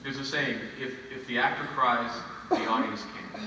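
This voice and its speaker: A man telling stories at a fan convention panel, lively and laughing, acting out quotes. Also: mid-range voice, moderate pace. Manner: animated, laughing, acts out quotes. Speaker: convention panel guest actor. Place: large convention hall. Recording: echoey hall from far off, noisy.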